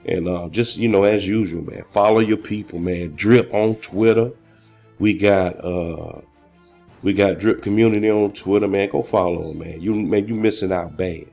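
A man with a fairly low voice rambles through a casual vlog, excitable and slangy, handing out shout-outs. He sounds a little out of breath. Faint music plays underneath. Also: moderate pace, gravelly. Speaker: crypto vlogger.

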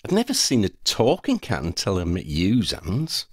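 A man voicing a calm, earnest teenage wizard boy in an audiobook, his voice lifted well above his own. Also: low-pitched, normal speed, breathy edge, no room sound, clean studio sound, pitched above the performer's own voice, full character voice.

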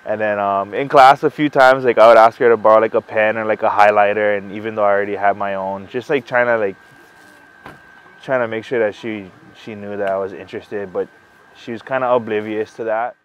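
Young man, halting and sincere. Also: on the low side, steady tone, smooth, lo-fi sound. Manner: halting, many "like" fillers, sincere. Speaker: groom-to-be interviewed for an engagement video. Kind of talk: casual storytelling interview.

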